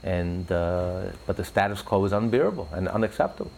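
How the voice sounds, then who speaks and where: A man speaks with fervent conviction, his low voice carrying a gravelly texture. His talk rises in emphatic surges, pressing each point hard. There is a faint ambient hiss behind him. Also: expressive, a little fast, darkish tone. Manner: fervent, builds to rising emphatic peaks. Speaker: religious speaker. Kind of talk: impassioned religious talk.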